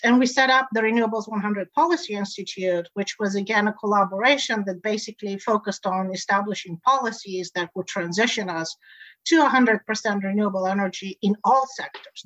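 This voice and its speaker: A middle-aged woman telling her career story in a lively, enthusiastic way during a conversational interview. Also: medium pitch, no room sound. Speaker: interview guest, energy executive. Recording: dull lo-fi recording.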